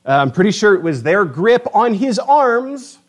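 A man preaching a sermon, animated and emphatic, asking his listeners rhetorical questions. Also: high voice, unhurried. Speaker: pastor.

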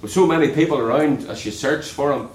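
A man preaching a sermon in an earnest way, dropping low and soft on key words. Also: brisk, reverberant, low-quality recording.

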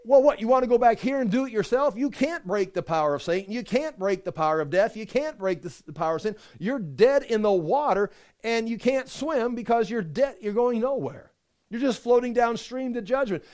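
High-voiced animated male preacher. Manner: animated, acts out voices in quick asides. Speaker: pastor. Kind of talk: sermon.

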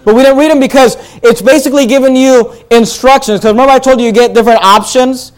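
Guy preaching verse by verse, really high voice, smooth and clear, keeps repeating himself and telling folks to underline stuff. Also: steady tone, fast, poor audio. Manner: repeats words and restarts, reads scripture aloud, directs listeners to underline. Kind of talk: verse-by-verse Bible teaching.

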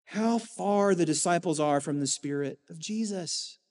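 A male pastor delivering a sermon in an earnest, emphatic way, leaning on rhetorical stresses and pauses. His voice sits fairly high, and it rings out with the long reverb of a church sanctuary. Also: darkish tone.

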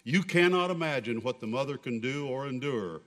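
Man reading God the Creator, tender and patient, earnest, lively voice, hall reverb. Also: medium pitch, normal speed, voice pushed down, close to an everyday voice.

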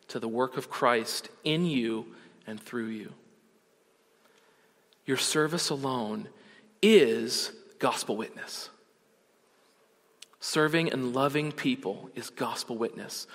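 A man's voice: medium pitch, a bit bright. A man pastor preaching a sermon in a church, earnest, building to rising rhetorical questions. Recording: long hall reverb.

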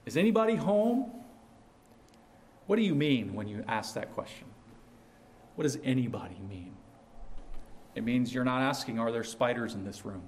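A man preaching a sermon in a slow, earnest way, rising sharply on his questions. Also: medium pitch.

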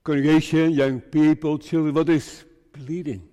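A man preaching a sermon to his congregation, speaking slowly in short, measured phrases. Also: fairly high pitch, fairly even intonation, mellow. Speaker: pastor. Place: church. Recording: reverberant church hall.

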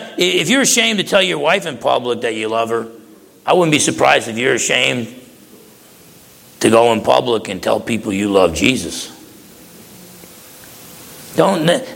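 A man's voice: mid-range voice, gravelly, fairly bright tone. A middle-aged man from New Jersey preaching a sermon, folksy and storytelling, often repeating words as he goes. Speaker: pastor. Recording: long hall reverb.

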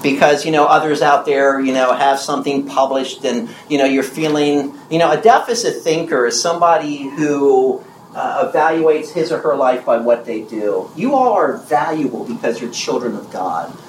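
A man's voice: medium pitch, animated, a little hiss or hum. Man preaching emphatically in an echoey room. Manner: emphatic, repeats key phrases slowly; asks the audience questions and answers them. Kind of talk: sermon.

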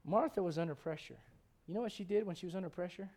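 A middle-aged male pastor preaches with a high-pitched voice, joking and asking question after question. He swings from quiet, low musings to loud, rising points. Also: quick pace. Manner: humorous, many rhetorical questions. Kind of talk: sermon.

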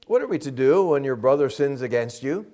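A man's voice: medium pitch, expressive, fairly quick, dark tone. A man preaching a sermon as pastor, earnest and emphatic, asking the congregation direct questions.

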